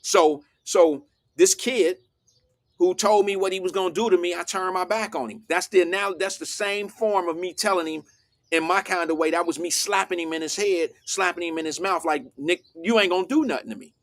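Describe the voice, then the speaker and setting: High-voiced man telling a heated story. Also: moderate pace. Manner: animated storytelling, acts out quotes. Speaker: host. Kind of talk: casual talk show discussion.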